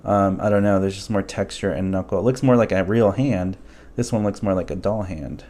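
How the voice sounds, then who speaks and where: A man casually reviewing collectible toys, thinking aloud with relaxed ums. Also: sits low, a little fast, a little hiss or hum. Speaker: toy reviewer.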